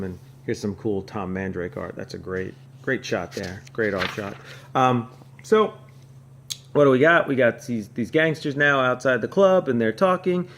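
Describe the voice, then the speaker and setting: Over slight background noise, a man from North Carolina, USA, hosts a comic podcast in an unhurried, medium-pitched, fairly bright voice. Looking back at an old issue, he rambles casually, packs in fillers, and adds chuckling asides.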